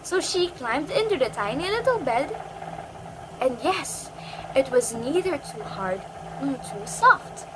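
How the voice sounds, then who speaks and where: A woman reading a children's storybook aloud in a slow, expressive way. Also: sits high, noisy background.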